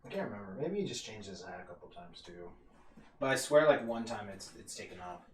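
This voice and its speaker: A man's voice: lowish voice, big pitch swings, brisk, distant mic. A young man in casual chat on an art stream, laid-back, often trailing off and laughing. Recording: roomy sound, voice a bit off-mic.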